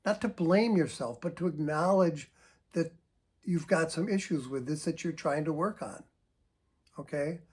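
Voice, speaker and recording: An older man speaks as a psychotherapist, earnestly stressing each point of his advice. His voice sits a little high for a man and has a husky edge. Now and then he breathes out long, audible sighs to show the technique. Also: a little slow. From United States. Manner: earnest, emphatic, demonstrates sighs and deep breaths. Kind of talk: direct-to-camera advice talk.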